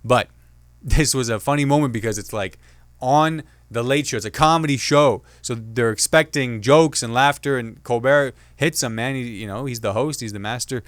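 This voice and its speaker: Chatty comedian hosting a solo show. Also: male voice, medium pitch, fairly bright tone, no echo, studio quality. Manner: chatty, jokey, mimics others in quick asides. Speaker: podcast host and comedian. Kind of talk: casual solo commentary.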